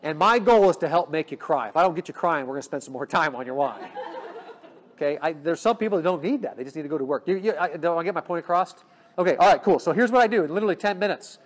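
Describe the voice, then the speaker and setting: A man giving an energetic business training talk, coaching his audience with frequent rhetorical check-ins. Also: on the high side, fast. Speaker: sales trainer.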